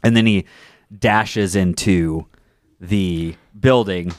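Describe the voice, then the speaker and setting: A man co-hosting a podcast in casual chat, laughing often and restarting his sentences as he rambles excitedly. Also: sits low, slow pace, no echo, clean studio sound. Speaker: podcast co-host.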